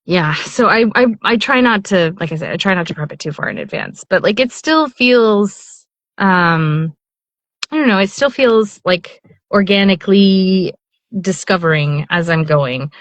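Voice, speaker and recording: A middle-aged woman talks casually as a guest, rambling through thoughts with plenty of fillers and restarts. Her voice sits at an ordinary pitch and sounds close and dry, with no room around it. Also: animated, unhurried, no echo. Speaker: audiobook narrator guest. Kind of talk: casual interview chat.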